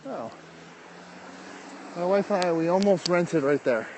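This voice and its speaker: A slightly high-voiced American man talks into his phone while climbing steep streets outdoors. He is winded but keeps up an easy, chatty livestream patter with his viewers. Faint outdoor ambience sits behind him. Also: expressive, a little slow, a little mellow, slight background noise, rough recording. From United States. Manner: chatty, answers viewer comments while walking. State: out of breath from climbing. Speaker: vlogger. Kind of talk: casual livestream chat.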